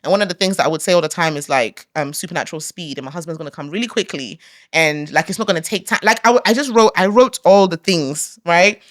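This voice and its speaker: A woman's voice: lowish voice, fast talker. A young woman, a gospel singer, telling a personal story in casual chat, laughing often and acting out the lines of others. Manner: animated storyteller, laughs often, acts out quotes. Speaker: guest, gospel recording artist.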